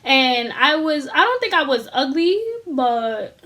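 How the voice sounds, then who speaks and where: Young adult woman, high voice, casual storytime, slangy and animated, acts out quotes. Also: takes it slowly. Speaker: vlogger.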